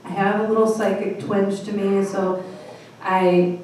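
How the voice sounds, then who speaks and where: Onstage at a storytelling night in a small comedy venue, a Midwestern American woman in her thirties tells a true story, laughing wryly at her own bad luck. Her mid-range voice is flat and a little slow. The recording is echoey, with the mic at a distance and background noise.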